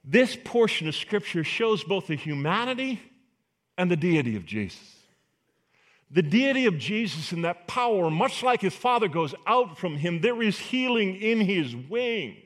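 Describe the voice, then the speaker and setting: Animated, high-pitched male pastor preaching. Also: moderate pace. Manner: animated, acts out voices of biblical figures. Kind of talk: sermon.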